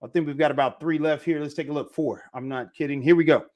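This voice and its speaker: A man teaching a casual live online Spanish lesson, repeating phrases slowly for pronunciation. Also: on the high side, steady tone, lo-fi sound.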